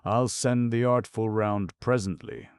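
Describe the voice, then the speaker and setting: A man voicing a sly, submissive old male fence who wheedles and pleads in a lifted, higher voice. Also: fairly even intonation, unhurried, darkish tone, clear, resonant tone, no echo, clean studio sound. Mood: wheedling. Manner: submissive, pleading, calls others "my dear".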